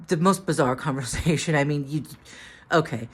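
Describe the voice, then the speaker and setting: A tired, drained woman telling a story to the camera in a halting way, repeating words and restarting. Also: low voice, slightly rough. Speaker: vlogger.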